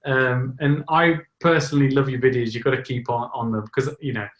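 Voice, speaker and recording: A man's voice: medium pitch, steady tone, fairly quick, fairly bright tone. A man hosting a casual interview, talking enthusiastically and rambling with many restarts. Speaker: host. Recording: roomy echo.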